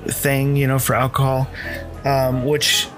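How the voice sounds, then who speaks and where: A man's voice: mid-range voice, monotone, measured pace, over music. Rambling American man, casual chat. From United States. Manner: rambling, hesitant, many fillers and restarts. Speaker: podcast co-host.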